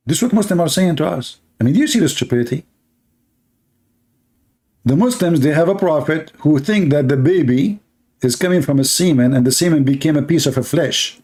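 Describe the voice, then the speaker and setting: A man's voice: a little high, expressive, fairly quick, darkish tone, husky. Man mocking in broken English. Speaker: commentator reacting to a clip. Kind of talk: live-stream reaction commentary.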